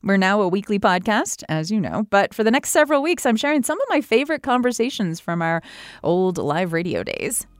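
A woman's voice: mid-range voice, very animated, a little fast, no room sound, clean studio sound. A woman hosting a radio show and podcast, reading an upbeat outro and promoting the next episode. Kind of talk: interview and scripted outro. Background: music.

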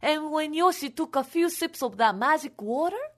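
A woman telling a folk tale for families in an expressive, animated way. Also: high-pitched, normal speed. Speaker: storyteller.

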